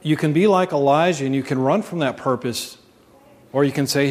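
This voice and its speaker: A man's voice: medium pitch, moderate pace. A man preaching a sermon as pastor, earnest, asking his congregation questions. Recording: long reverb.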